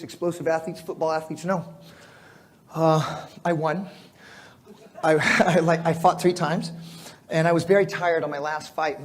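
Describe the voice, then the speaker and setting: A middle-aged American man with a high voice tells stories to a live crowd. He laughs often and talks in animated bursts full of fillers and restarts. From United States. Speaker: speaker at a fitness symposium. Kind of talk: storytelling talk to a live audience.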